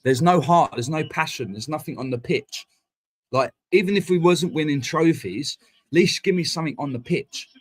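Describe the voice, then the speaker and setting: A man, hosting a fan live stream and ranting in a heated, sweary, rapid-fire way. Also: on the high side, husky. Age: 40s. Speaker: fan channel host. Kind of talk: casual live-stream rant. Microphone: streaming mic.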